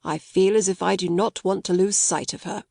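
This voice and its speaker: Woman doing a frail, breathless invalid gentleman. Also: medium pitch, fairly even intonation, moderate pace, gravelly, no room sound. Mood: faint. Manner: faint, breathless, urgent. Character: frail agitated invalid gentleman, older man.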